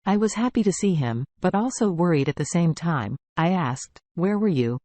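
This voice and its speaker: A woman telling a first-person story in a plain, even way. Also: lowish voice, moderate pace, dry recording. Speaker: story narrator.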